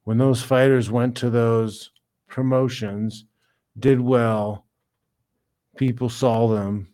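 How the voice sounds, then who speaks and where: A man's voice: medium pitch, warm tone. A man hosting a livestream, ranting bluntly and casually between reading chat messages. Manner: blunt, ranting, swears freely.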